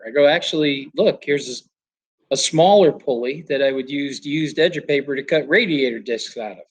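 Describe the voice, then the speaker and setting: An older flooring trainer tells chatty stories from the trade, doing quoted voices and laughing along. His medium-pitched, breathy voice has lively intonation at normal speed, captured on a rough recording.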